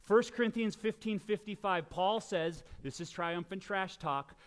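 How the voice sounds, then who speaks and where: Emphatic high-voiced male pastor preaching. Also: measured pace, hardly any pauses. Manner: emphatic preaching, swinging between quiet asides and loud shouts. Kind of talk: sermon.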